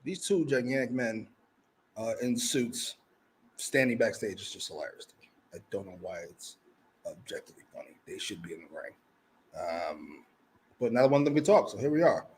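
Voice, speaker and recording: Profane, exasperated man with lively pitch. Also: moderate pace, slight background noise. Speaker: co-host. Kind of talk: heated casual wrestling review.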